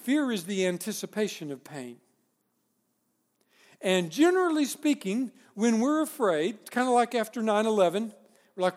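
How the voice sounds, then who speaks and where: A man with a high-pitched voice preaches a sermon, rising to loud emphatic declarations and dropping to low, quiet phrases. His voice rings out with the long reverb of a large hall. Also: expressive, normal speed. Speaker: pastor.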